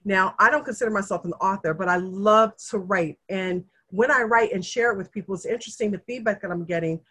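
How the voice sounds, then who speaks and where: A middle-aged woman with a medium-pitched, slightly breathy voice talks fairly quickly as a guest in a casual chat. She tells her family history earnestly and with feeling, getting animated as she acts out the people she quotes.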